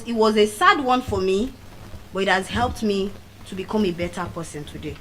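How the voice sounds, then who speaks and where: A middle-aged woman with a Nigerian accent, giving a motivational speech as animated storytelling and repeating key phrases for emphasis. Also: mid-range voice, a little hiss or hum, rough recording. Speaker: motivational speaker. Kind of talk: public speech.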